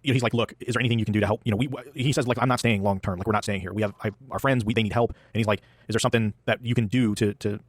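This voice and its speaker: A man's voice: on the low side, fairly even intonation, rapid-fire, few pauses, dry recording. A man hosting a podcast, recapping an episode in casual chat, rambling with fillers and acting out the characters' lines. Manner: rambling with fillers, acts out quotes. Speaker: podcast host.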